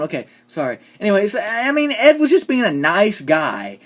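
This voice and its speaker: Opinionated reviewer, casual rant, lively up-and-down delivery, sarcastic edge. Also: medium pitch, normal speed. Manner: opinionated, sarcastic, trailing off quietly. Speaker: TV show reviewer.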